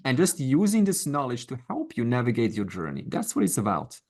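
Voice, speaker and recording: A man's voice: mid-range voice, wildly swooping pitch, fairly quick, a little mellow. A middle-aged man teaching a Vedanta class online, speaking conversationally and encouragingly, with asides and quoted voices. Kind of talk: informal lecture to an online class.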